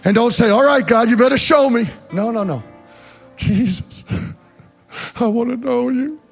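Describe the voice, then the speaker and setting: A man preaching a fervent sermon in a church, swinging between shouted passages and hushed speech. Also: extremely high pitch, moderate pace, gravelly, faint music behind. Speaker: pastor. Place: church sanctuary.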